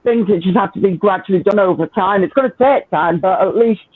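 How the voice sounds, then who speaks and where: A man's voice: high-pitched, brisk, no echo. A man with a Northern English accent hosting a casual live chat, talking freely, swearing and laughing often. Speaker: livestream host. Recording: tinny phone-like line.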